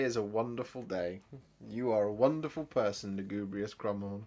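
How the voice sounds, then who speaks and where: A man's voice: on the low side, normal speed, a little mellow. A touched, laughing man. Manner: emotional, laughs often, repeats his thanks. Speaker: channel host. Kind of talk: live-stream chat while painting miniatures.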